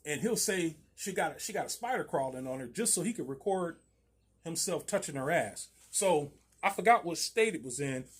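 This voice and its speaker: Husky guy telling a tenant story, goes up and down a lot, keeps laughing. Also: fairly high pitch, animated, normal speed. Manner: laughs often, loose slangy storytelling. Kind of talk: casual storytime vlog.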